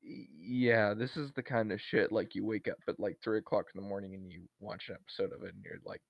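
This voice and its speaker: Low-voiced man rambling through a recap. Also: steady tone, a little fast, creaky, hardly any pauses, no room sound, highs cut off. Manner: rambling retelling with many fillers. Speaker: podcast co-host. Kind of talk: casual chat.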